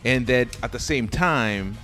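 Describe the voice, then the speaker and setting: A man hosting a casual interview, speaking haltingly and often repeating his words. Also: mid-range voice, sharp tone, soft background music. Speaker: podcast host. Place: barbershop.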